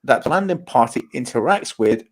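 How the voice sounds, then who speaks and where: A man's voice: medium pitch, expressive, brisk. A man hosting a casual trivia quiz and teasing the players. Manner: joking, teasing. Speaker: quiz host.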